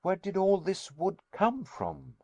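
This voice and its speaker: An anxious young nephew questions everything in a storybook reading, as a man puts him on. The voice sits higher than the reader's own and stays close and dry. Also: measured pace, dry recording, dull audio.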